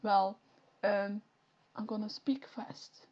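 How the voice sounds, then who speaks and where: A woman's voice: medium pitch, steady tone, slow, a little mellow. A young woman with a Flemish accent, chatting casually and animatedly on a live stream, often correcting herself mid-sentence. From Flanders, Belgium. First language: Dutch (Flemish). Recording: lo-fi stream audio.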